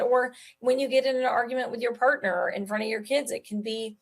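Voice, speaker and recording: A woman's voice: fairly high pitch, steady tone, a little fast. Earnest woman author explaining advice. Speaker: guest author. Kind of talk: conversational interview.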